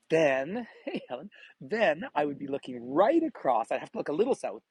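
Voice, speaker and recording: Outdoorsy guy doing a live walking tour vlog on a gimbal, fairly high voice, kinda husky, keeps saying hi to viewers by name. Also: big pitch swings, normal speed, a little mellow, dry recording, rough recording. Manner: chatty, greets viewers by name, laughs often. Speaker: travel tour guide. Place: outdoors by a frozen bay in winter. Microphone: phone camera on a gimbal.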